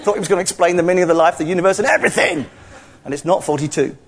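A man preaching a sermon in an animated, playful way, acting out little dialogues as he teaches. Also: high voice, racing, breathy edge.

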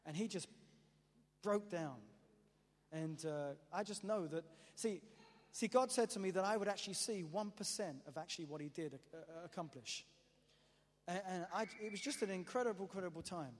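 A man preaching a testimony as an animated, self-mocking storyteller, often restarting his sentences. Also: sits high, moderate pace. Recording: echoey hall reverb.

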